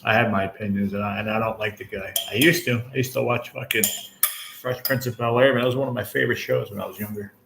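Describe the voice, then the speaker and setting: A channel host in his forties talks fast with a lowish, steady tone and vocal fry, background noise behind him. Chatting casually with livestream viewers, he speaks straight to them and the chat, venting bluntly and swearing often.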